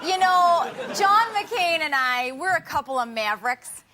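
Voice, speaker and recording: An actress playing a folksy, chirpy woman candidate in a sketch comedy debate parody, with a folksy Alaskan-style American accent and drawn-out vowels. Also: sits high, animated, bright, forceful tone, some chatter behind, slight background noise, exaggerated voice.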